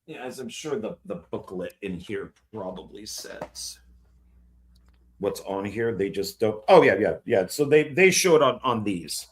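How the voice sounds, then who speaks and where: A man co-hosting a casual film discussion, talking in an animated way, swearing freely and laughing often. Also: fairly low pitch, a little slow. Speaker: film podcast co-host.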